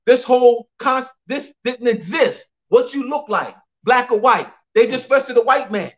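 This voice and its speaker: A man's voice: extremely high pitch, expressive, normal speed. Emphatic man lecturing over dull audio. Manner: emphatic, repeats phrases, spells out names. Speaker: guest speaker.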